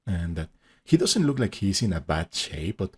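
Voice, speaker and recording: Deep husky man reacting casually. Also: very animated, moderate pace. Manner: hesitant, restarts, frequent laughs. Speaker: reaction video host.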